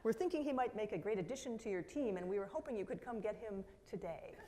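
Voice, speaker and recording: A middle-aged woman speaking from a conference stage, her keynote talk lively and story-driven. She drops into quoted voices and talks straight to the crowd, with a mid-range pitch. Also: fast, noisy background. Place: conference hall.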